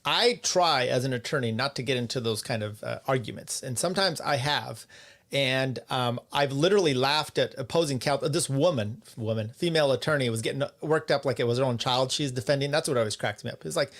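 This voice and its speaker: A man's voice: mid-range voice, a little fast, fairly bright tone. A man hosting a livestream podcast, easygoing and full of fillers, reading viewer questions and telling stories. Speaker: podcast host. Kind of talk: casual livestream chat.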